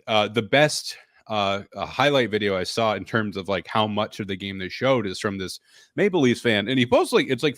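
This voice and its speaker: A man's voice: lowish voice, a bit bright, no room sound, clean studio sound. A man co-hosting a casual sports podcast, ranting with incredulous, mocking quoted voices. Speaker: podcast co-host.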